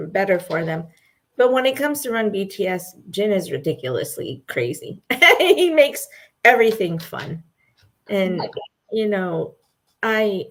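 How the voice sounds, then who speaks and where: A woman co-hosting a casual chat, telling stories in a gushing, animated way and laughing often. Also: fairly low pitch, vocal fry. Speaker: co-host.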